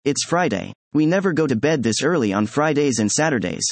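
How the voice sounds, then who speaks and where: A man's voice: medium pitch, expressive, a little fast, no room sound. A man voicing a young boy twin who protests going to bed, in a whiny, pleading way, in a read-aloud story. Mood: incredulous.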